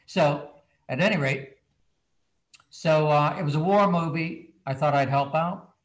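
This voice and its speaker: An older man, a children's author, telling a story from his childhood to students over a video call, lively and dropping to a hush for tense moments. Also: fairly high pitch, measured pace.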